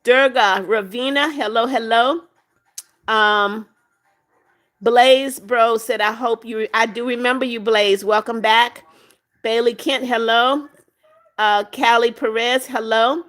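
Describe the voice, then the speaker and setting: A woman's voice: a little high, a bit bright. Motherly woman reading live chat. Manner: reads comments aloud, motherly, brief replies. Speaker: livestream host reading viewer comments. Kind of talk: casual live-stream chat.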